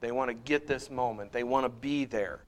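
A man's voice: mid-range voice, normal speed, slight background noise. Middle-aged male Bible teacher, casual and conversational, with emphatic scripture readings. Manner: relaxed and conversational, with frequent restarts and asides; reads scripture aloud in a rising, emphatic voice.

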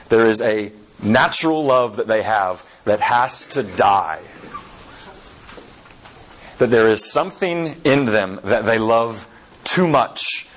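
A man preaching at a middling pitch, retelling a story with halting fillers between his words. He slows down to lean on key words. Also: rough recording. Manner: hesitant, with many fillers and slow emphatic phrasing.

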